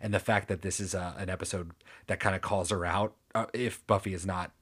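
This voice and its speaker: A man's voice: deep voice, a little fast, slightly rough. A man co-hosting a podcast, recapping a TV episode in casual, sarcastic, joking chat. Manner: sarcastic, joking, lively rambling. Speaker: podcast co-host.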